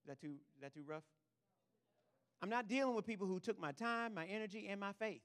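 A male pastor preaching a sermon, swinging from quiet asides to loud, emphatic declarations and checking in with the congregation. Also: sits high, expressive, fairly quick, smooth, in a large hall.

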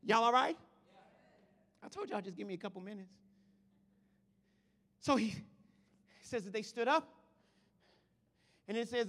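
A man preaching a sermon in a church, swinging from quiet talk to shouted praise. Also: high-pitched, expressive, a little slow, pauses often. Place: church hall. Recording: long hall reverb.

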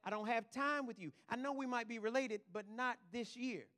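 A male pastor preaching a sermon, swinging from quiet asides to loud, emphatic declarations and checking in with the congregation. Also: very high-pitched, normal speed, in a large hall.

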